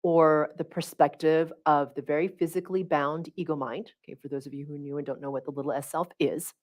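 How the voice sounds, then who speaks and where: A middle-aged woman hosts a livestream and teaches in a casual, conversational way. She talks with animated energy and keeps checking in with her listeners as she goes. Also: low voice, fairly quick. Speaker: spiritual coach hosting a livestream.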